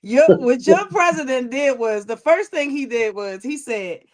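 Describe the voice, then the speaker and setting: A woman's voice: high voice, lively intonation, measured pace. A woman co-hosting a casual talk stream, joking and explaining things step by step like a teacher. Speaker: podcast co-host. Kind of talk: casual chat.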